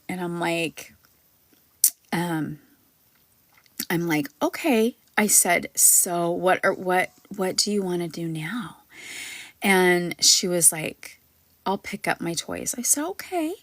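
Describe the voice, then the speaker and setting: A woman's voice: fairly low pitch, fairly bright tone, no room sound. Chatty grandmother hosting a spiritual panel. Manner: chatty and rambling, many ums and likes. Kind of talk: casual live-stream talk.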